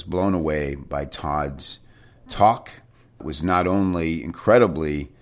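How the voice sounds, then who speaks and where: A man hosting a podcast interview from his office on a desktop mic, upbeat and enthusiastic. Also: extremely low pitch. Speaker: podcast host. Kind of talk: remote interview. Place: home office. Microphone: desktop USB mic.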